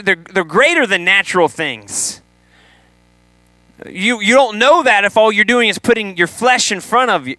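A man preaching a sermon to a room, animated, acting out the people he quotes. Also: high voice, no room sound. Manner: animated, acts out quoted voices.

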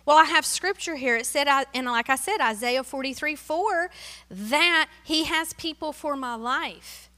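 A middle-aged woman from Tennessee giving an animated, emotional sermon-style testimony that drops to hushed asides. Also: high-pitched, unhurried, big-room sound.

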